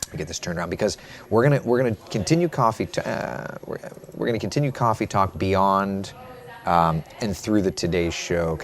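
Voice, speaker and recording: A man's voice: sits low, brisk. Chatty man hosting a weather chat. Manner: chatty, repeats phrases, reads viewer comments aloud. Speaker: TV meteorologist hosting a live stream. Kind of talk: casual live-stream chat and weather forecast.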